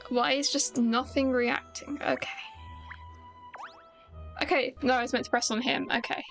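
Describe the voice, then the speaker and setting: Chatty, self-mocking British streamer. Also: female voice, sits high, steady tone, normal speed, fairly bright tone, soft background music. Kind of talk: casual gameplay commentary.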